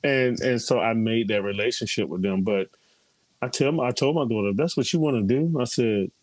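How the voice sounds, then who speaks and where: A man's voice: medium pitch, fairly quick, no room sound. A middle-aged man chatting casually in a group, telling stories and quoting people. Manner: chatty storyteller, quotes others often.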